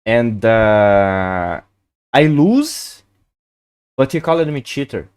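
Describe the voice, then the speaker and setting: An excitable man talks through his chess stream, his pitch leaping up and down as he tells stories. He swears and laughs freely in loose, chatty English. The sound is close and dry, with almost no room around it. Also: takes it slowly, clean tone, dry recording. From Brazil. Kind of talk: casual live-stream chat.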